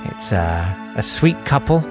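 A man playing a creepy older radio presenter, soft, lingering and falsely sweet. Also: sits low, sing-song, a little slow, over music, voice pushed down. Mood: sugary.

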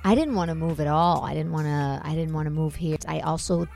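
A woman's voice: sits low, a little fast, creaky, soft background music. A young woman from Germany, a comedian, chatting casually on a podcast and acting out people in her stories. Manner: animated storyteller, acts out quotes. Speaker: comedian guest.

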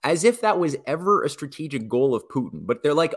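A male guest giving political commentary in conversation, rambling with frequent restarts and animated asides. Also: on the high side, brisk, few pauses, slightly rough.

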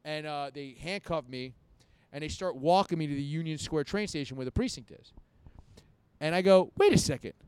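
A man's voice: on the high side, moderate pace, clear, resonant tone, no echo. A man in his thirties telling a drunken story in casual chat, swearing freely and acting out both sides of the talk. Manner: profane, animated storyteller acting out his own quotes.

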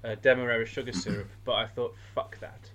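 A man in a casual chat, calmly explaining how he made his drink. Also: medium pitch, quick pace. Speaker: podcast co-host.

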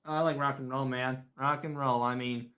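A man in his twenties with an American accent, a loud, laid-back podcast guest. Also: medium pitch, steady tone, moderate pace. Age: 20s. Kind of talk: casual interview chat.

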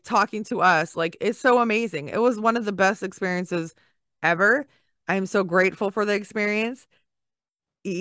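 A woman hosts her podcast in a chatty, gushing monologue, full of fillers and pep talk. Her voice is bright and smooth. The sound is dry and close. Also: mid-range voice, no room sound. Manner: gushing, upbeat, encouraging, chatty with many fillers. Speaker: podcast host.

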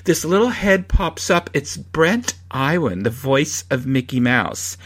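A man's voice: on the high side, animated, slow, fairly bright tone. A man hosting a podcast, telling a story in a rambling, casual way with frequent restarts and laughs. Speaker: podcast host.

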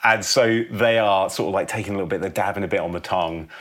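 A man's voice: deep voice, quick pace, a bit bright. A man co-hosting a casual comedy chat, telling a story with lots of swearing and acting out the characters' lines. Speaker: podcast co-host pitching a film story.

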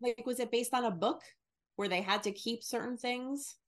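Animated woman acting out quotes. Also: a little high, moderate pace. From northern United States. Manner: animated, acts out quotes in exaggerated voices, swears casually. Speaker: podcast co-host. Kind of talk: casual chat.

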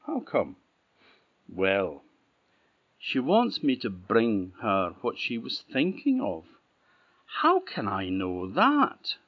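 A man's voice: on the low side, huge pitch swings, slow pace, long pauses, highs cut off, exaggerated voice. A man with an Orkney Scots accent voicing a poor young man in despair over an impossible task.

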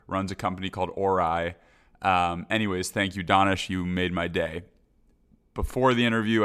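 Male podcast host, low-pitched, chatty and upbeat. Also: fairly bright tone, clear, resonant tone. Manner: upbeat, conversational with fillers. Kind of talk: podcast interview.

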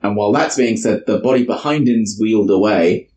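A man's voice: fairly low pitch, a little fast, a little hiss or hum. A man hosting a podcast, recapping a movie plot in casual chat and laughing often. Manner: lively recapping with frequent laughs. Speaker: podcast host.

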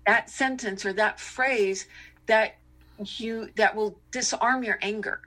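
Middle-aged woman, podcast co-host, bright clear voice, candid and reflective chat. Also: a little high, steady tone, slow. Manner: candid, reflective, uses many fillers.

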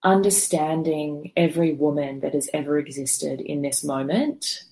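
Low, gravelly woman telling her story. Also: steady tone, moderate pace, warm tone. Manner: raw, emotional, swears freely; rambling with many fillers and restarts. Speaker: podcast guest telling her birth story. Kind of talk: candid personal storytelling.

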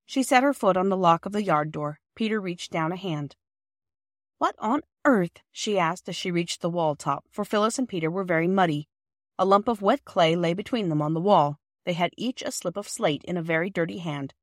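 A woman narrating a classic children's story as the podcast's reader and host, in a clear, even reading voice. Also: fairly low pitch, a little fast, no room sound, studio quality.

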